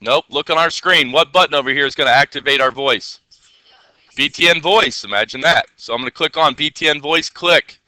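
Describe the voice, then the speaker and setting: A male teacher giving a classroom coding lesson, energetic and constantly checking in with rhetorical questions. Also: fairly high pitch, a little fast, dry recording, low-quality recording.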